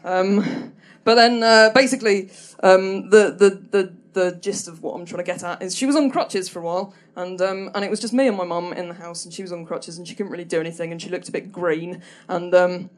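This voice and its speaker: A woman's voice: fairly low pitch, steady tone, brisk. A woman telling a stand-up story in a hesitant, self-deprecating way, full of ums and restarts. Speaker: comedian.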